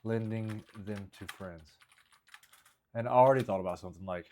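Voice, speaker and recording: A man's voice: fairly low pitch, moderate pace, a little mellow. Rambling man thinking aloud. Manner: rambling, hesitant, many fillers. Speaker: stand-up comedian writing jokes. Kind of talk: casual vlog thinking aloud.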